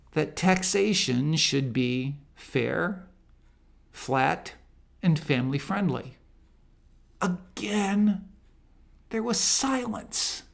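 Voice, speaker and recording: A man delivers a ministry monologue at an unhurried pace. His voice has a gravelly, fried edge, and he pushes up into loud, emphatic preaching. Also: mid-range voice. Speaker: ministry speaker.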